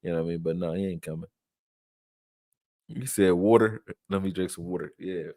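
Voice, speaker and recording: A man with a fairly low voice hosts a live sports stream and chats in a loose, way, now and then reading viewer comments aloud. The sound is dry and close, with no room around it. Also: steady tone, brisk, warm tone, dry recording. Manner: loose, conversational, reads viewer chat aloud. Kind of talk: casual live-stream film breakdown.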